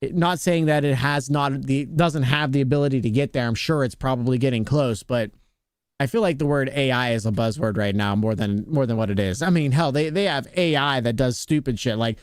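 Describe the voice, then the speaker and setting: A man's voice: medium pitch, moderate pace, smooth, no room sound, clean studio sound. A man streaming live, chatting casually with his viewers, rambling and restarting his sentences as he reads the chat.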